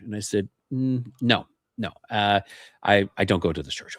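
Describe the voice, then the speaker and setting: A man's voice: on the low side, animated, normal speed, husky, no room sound, clean studio sound. A man from Canada, a podcast guest, telling a personal story in a casual, earnest way and acting out the remembered dialogue.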